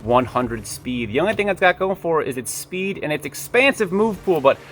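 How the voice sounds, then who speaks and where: A man's voice: a little high, very animated, normal speed, fairly bright tone, slight background noise. A man giving casual, rambling commentary to camera. He drifts into tangents, corrects himself often and swears offhandedly. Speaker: video creator.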